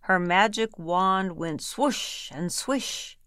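Slow, low-voiced woman reading rhymes. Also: expressive, clean tone, dry recording, clean studio sound. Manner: playful, rhythmic delivery. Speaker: reader. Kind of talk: reading comic rhyming verse aloud.

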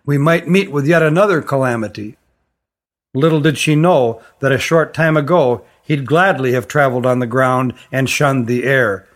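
A man narrating a fantasy story in an even, careful reading voice. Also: on the high side. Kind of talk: audiobook narration.

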